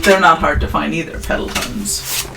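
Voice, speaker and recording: A woman's voice: low-pitched, steady tone, normal speed, creaky, poor audio. A woman giving a casual, recorded music theory lecture, chatting through examples with offhand, self-deprecating asides.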